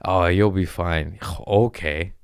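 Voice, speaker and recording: A young man hosting a podcast, hoarse from screaming and sore, telling comedic stories in a casual chat. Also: low-pitched, steady tone, takes it slowly, dry recording, clean studio sound. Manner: laughing through pain, sore and winded. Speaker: podcast host.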